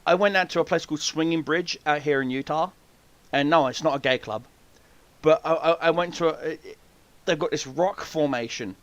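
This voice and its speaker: A man's voice: fairly high pitch, no echo. A man hosting a podcast, telling boastful stories in casual chat with lots of swearing. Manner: boastful storytelling, heavy swearing, lively. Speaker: podcast host.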